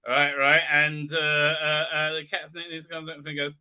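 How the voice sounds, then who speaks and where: A man's voice: on the high side, completely flat delivery, measured pace, sharp tone, smooth. A man hosting a live stream, chatting casually in a rambling, sarcastic and self-mockingly grumpy way, swearing freely.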